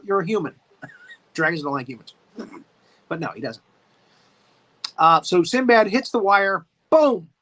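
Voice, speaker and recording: A man co-hosting a podcast, recapping a monster movie in a lively way, laughing often and acting out the scenes. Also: high-pitched. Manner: animated, laughing, acts out scenes. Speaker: podcast co-host.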